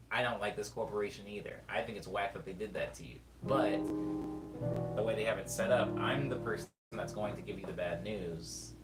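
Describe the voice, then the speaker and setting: Rambling man in a roomy room. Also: on the low side. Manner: rambling, self-deprecating storytelling. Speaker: streamer and musician. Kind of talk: casual livestream chat. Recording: roomy room, distant mic, loud guitar.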